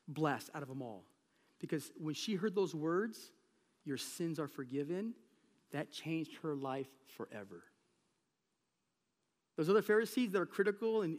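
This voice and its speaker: High-voiced preacher in a reverberant hall. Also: male voice. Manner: conversational, storytelling preaching. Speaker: pastor. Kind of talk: sermon. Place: church sanctuary. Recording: long reverb of a large hall.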